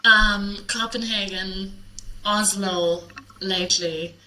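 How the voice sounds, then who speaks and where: A woman, a guest chatting on a podcast, playful and laughing, sometimes pausing for words. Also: mid-range voice, fairly even intonation, bright, forceful tone, a little hiss or hum, rough recording. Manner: playful, laughing, slightly hesitant phrasing. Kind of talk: casual interview chat.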